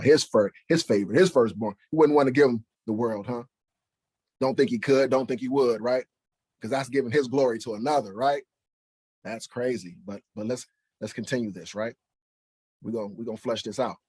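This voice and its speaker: Man, emphatic Bible preacher, husky voice, dry close sound. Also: mid-range voice, darkish tone, no echo. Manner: emphatic, fires rhetorical questions, keeps asking "right?". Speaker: Bible teacher. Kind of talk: preaching to camera.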